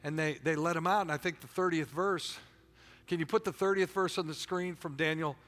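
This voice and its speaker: A preacher delivers an energetic, colloquial sermon, repeating words and restarting as he goes. His voice is slightly high and tense. A long reverb from the church hall follows each phrase. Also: fairly quick, faint music behind. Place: church sanctuary.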